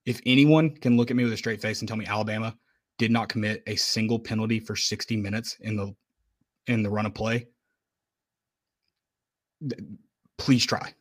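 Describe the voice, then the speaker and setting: Male podcast co-host, lower register, emphatic and exasperated. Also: fairly even intonation, moderate pace, pauses often. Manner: frustrated venting, blunt and emphatic. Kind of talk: casual sports podcast chat.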